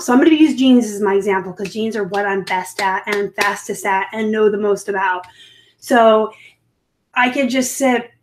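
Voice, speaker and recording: A woman from the West Coast hosting a casual live stream, chatty and rambling, with her voice sometimes rising at the ends of phrases. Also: mid-range voice. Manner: chatty and rambling, upspeak at times. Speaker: live show host and reseller.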